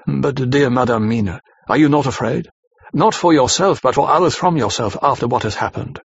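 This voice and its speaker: List: a man doing a fatherly old professor, solemn, slow and pleading, raised husky voice, dull recording. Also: mid-range voice, dry recording. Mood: searching. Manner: slow, grave, pleading delivery.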